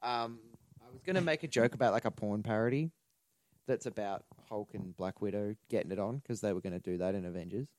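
A man's voice: lowish voice, brisk, a little mellow, dry recording. A man co-hosting a podcast in casual chat, joking and swearing as he rambles about movies. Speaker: podcast co-host.

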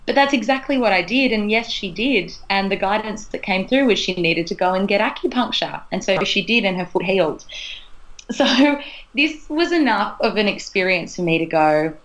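A woman's voice: medium pitch, lively intonation, normal speed, poor audio. A young adult woman from Australia telling a personal story in an earnest, chatty way as an interview guest. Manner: earnest, chatty, laughs between thoughts. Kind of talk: casual storytelling in a podcast interview.

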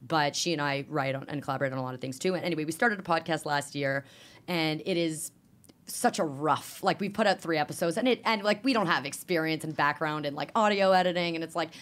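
A young woman, a stand-up comedian chatting as a podcast guest, animated and swearing freely. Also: low voice, fast talker. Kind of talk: casual podcast chat.

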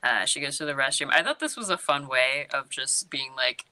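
A woman's voice: extremely low pitch, lively intonation, moderate pace, sharp tone. A young woman co-hosting a podcast, recapping a movie in a casual, giggly way and acting out the characters' lines. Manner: chatty, giggly, acts out quotes. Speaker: podcast co-host.

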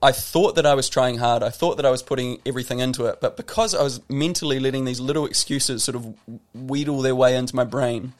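This podcast guest is a pro tennis player, a man in his thirties with a New Zealand accent, and his medium-pitched voice moves quickly with few pauses. His storytelling is relaxed and thoughtful, full of "like" and false starts.

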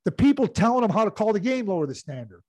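A man's voice: sits high, big pitch swings, fast talker, a little mellow. A middle-aged man, a hockey analyst and former team executive, telling long rambling stories full of filler phrases on a sports talk podcast. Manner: rambling storyteller with many "you know" fillers.

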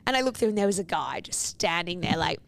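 A woman's voice: fairly low pitch, sing-song, quick pace, creaky. A young woman, co-hosting a podcast and telling a story in casual, chatty fashion, swearing freely and saying "like" a lot. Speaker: podcast co-host. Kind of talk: casual chat.

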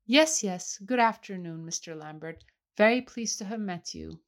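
A man's voice: sits high, moderate pace. A woman voicing a refined, courteous young clergyman. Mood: polite.

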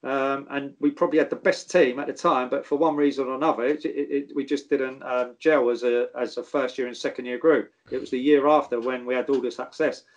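A middle-aged man with a South London accent, a former footballer telling lively stories in casual chat, swearing and mimicking people as he goes. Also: medium pitch, brisk, hardly any pauses, dull audio.

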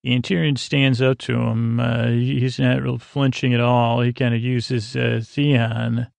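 A man drifts through a casual recap with plenty of hesitations and filler words. His voice is deeply gravelly and nearly monotone. It is recorded close up in a dead, dry room. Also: measured pace, no room sound. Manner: rambling, many uh fillers, flat drowsy delivery. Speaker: podcast host recapping a TV episode.

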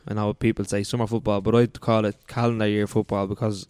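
Smooth low-voiced Irish man. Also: level tone, fast talker, a little mellow, dry recording. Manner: laid-back, explains at length. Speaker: podcast co-host. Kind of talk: casual chat.

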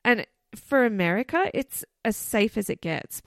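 A woman's voice: mid-range voice, lively intonation, measured pace, creaky, fairly bright tone, no echo, studio quality. A woman co-hosting a podcast, telling a case in a chatty, loose way full of asides. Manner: chatty, loose, many "you know" and "like" asides. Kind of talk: casual storytelling chat.

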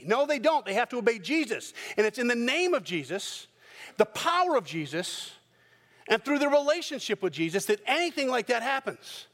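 High-voiced preacher in a reverberant hall. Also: male voice, moderate pace. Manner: animated storytelling, acting out the characters' voices. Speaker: pastor. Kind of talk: sermon.

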